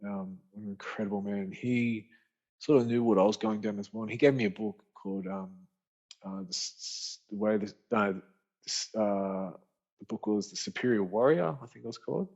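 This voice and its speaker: A man, a podcast guest telling his story in casual conversation, animated and slangy, acting out what friends said. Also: fairly low pitch, moderate pace, creaky. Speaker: podcast guest, author and speaker. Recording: muffled lo-fi audio.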